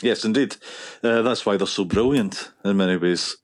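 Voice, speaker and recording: A man with a Paisley Scottish accent, a linguistics professor speaking in a radio interview in a measured way, with frequent "uh" fillers. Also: on the low side, no room sound. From Scotland.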